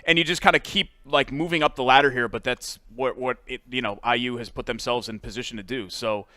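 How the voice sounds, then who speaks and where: A man's voice: mid-range voice, steady tone, fairly quick, pushed and bright, no echo. A man co-hosting a sports talk show, chatting casually and animatedly, often stumbling and restarting. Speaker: sports radio co-host.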